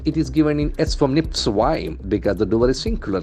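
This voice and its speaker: A man teaching vocabulary from newspaper headlines, repeating and spelling out words slowly. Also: mid-range voice, sing-song, a little mellow, soft background music. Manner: slow, repetitive, spells out and stresses words. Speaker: English language trainer.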